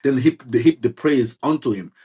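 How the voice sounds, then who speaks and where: A man talking football in a casual chat, halting and restarting often and asking "you see what I'm saying". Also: medium pitch, warm tone, husky. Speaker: football fan guest.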